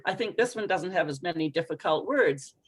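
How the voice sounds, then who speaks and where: Female English coach for an online class call; expressive, encouraging, reads lines aloud for students to echo. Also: lowish voice, fairly quick, breathy edge. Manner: expressive, encouraging, models phrases for repetition. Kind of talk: online group pronunciation lesson.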